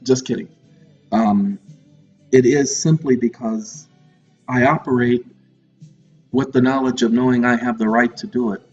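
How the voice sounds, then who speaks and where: A man's voice: mid-range voice, steady tone, a little slow, pauses often. A man giving a lecture monologue in a preachy, confrontational manner with teasing asides. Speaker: online lecturer. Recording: muffled audio with faint music.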